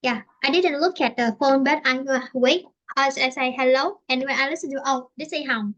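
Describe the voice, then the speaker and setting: A woman's voice: sits high, normal speed, fairly bright tone, dull audio. A woman teaching English with a Vietnamese accent, talking in a hesitant way and searching for words with many fillers. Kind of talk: online English lesson conversation.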